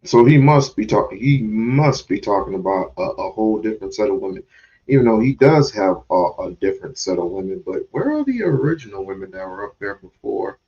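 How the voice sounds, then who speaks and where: A man's voice: on the low side, sing-song, a little fast, mellow. Breathless man hosting a livestream. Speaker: livestream host. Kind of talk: casual livestream chat. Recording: dull lo-fi stream audio.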